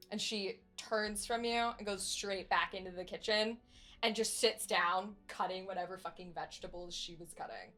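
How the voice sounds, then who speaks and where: A woman's voice: medium pitch, steady tone, moderate pace, bright, forceful tone, faint music behind. A woman narrating as game master, describing scenes casually with many fillers.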